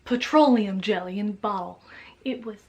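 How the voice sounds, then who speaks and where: A young woman talking about makeup in a casual vlog, dramatic and swearing, growing loud when excited. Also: medium pitch, moderate pace. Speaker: beauty vlogger.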